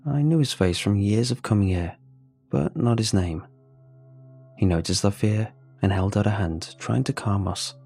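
A man narrating a first-person horror story, with steady, measured storytelling. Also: lowish voice, gravelly. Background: faint music.

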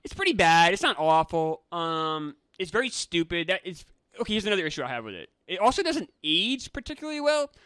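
A man co-hosting a casual film-review chat, animated and incredulous as he teases his co-host. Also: high voice, brisk, clear, resonant tone, no echo, clean studio sound. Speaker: podcast co-host.

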